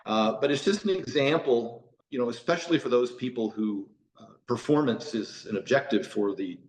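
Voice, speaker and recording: A man's voice: mid-range voice, moderate pace, a little hiss or hum, poor audio. An American man, a podcast guest, telling stories casually with many "you know" asides and restarts. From United States. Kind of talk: casual storytelling in a podcast interview.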